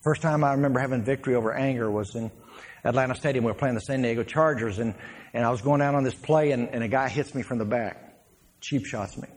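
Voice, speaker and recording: A man, a former pro football player, telling stories from his playing days as a sermon to a congregation, laughing and shouting his punchlines. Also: mid-range voice, fast.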